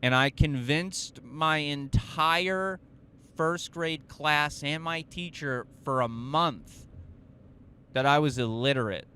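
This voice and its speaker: A man's voice: fairly high pitch, takes it slowly, sharp tone, slight background noise. A young man telling a story on his podcast, profane and self-mocking, rambling with fillers and restarts. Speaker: podcast host. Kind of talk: casual storytelling monologue.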